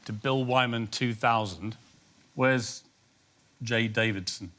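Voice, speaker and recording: A man's voice: mid-range voice, slow pace, a bit bright. A man hosting a TV interview, putting pointed, probing questions to his guest in a studio. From England. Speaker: interviewer host. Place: television studio.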